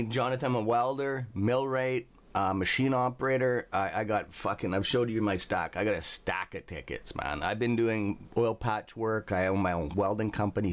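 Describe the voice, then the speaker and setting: A man's voice: fairly low pitch, normal speed, few pauses. A man hosting a livestream, telling rambling stories with a lot of profanity. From Canada. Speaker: livestream host. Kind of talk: casual livestream chat.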